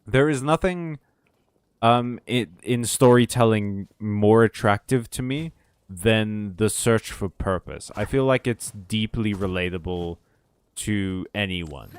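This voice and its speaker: A man's voice: lowish voice, takes it slowly, smooth, no echo. A man streaming a game, chatting casually with viewers, joking and swearing as he plays. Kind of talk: casual gameplay commentary.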